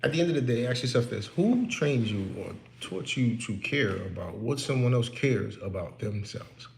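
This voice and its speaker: A man's voice: medium pitch, expressive, normal speed, vocal fry, echoey room. A man working as a real estate investor, talking candidly and preaching a little to the listener, in a casual motivational talk from his office.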